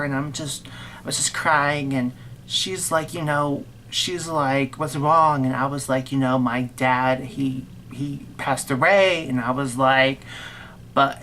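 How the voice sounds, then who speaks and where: Low-voiced young woman venting bluntly. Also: a bit bright, slight background noise. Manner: emotional, blunt and profane, rambling with restarts. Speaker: vlogger. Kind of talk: casual storytime vlog.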